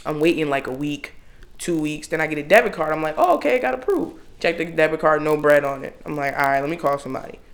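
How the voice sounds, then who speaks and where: A man in his thirties telling a long work story in casual, profane chat, jumping loudly into exclaimed quotes. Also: a little high, little pitch movement, fast talker. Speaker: podcast co-host.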